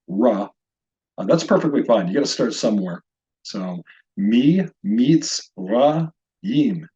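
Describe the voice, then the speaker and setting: A middle-aged man teaching Biblical Hebrew in an online lesson, carefully sounding out syllables and drilling pronunciation slowly. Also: on the low side, warm tone. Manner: slow, deliberate pronunciation drills. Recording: slightly dull lo-fi audio.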